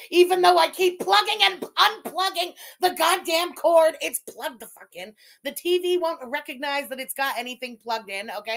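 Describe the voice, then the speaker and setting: High-pitched woman ranting on a livestream. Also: a bit bright. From Quebec, Canada. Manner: exasperated, profane, venting. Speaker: livestream host. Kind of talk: casual livestream rant.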